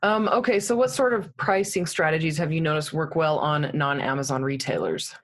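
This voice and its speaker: A woman's voice: deep voice, fairly quick. A woman co-hosting a casual podcast, chatty and easygoing, asking about publishing strategies. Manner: chatty, laughs easily.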